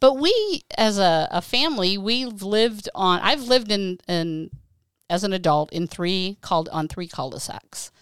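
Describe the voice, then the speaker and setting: A woman's voice: medium pitch, expressive, unhurried, smooth, dry recording. A middle-aged woman co-hosting a family podcast, chatting casually and laughing often. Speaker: podcast co-host. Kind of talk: casual chat.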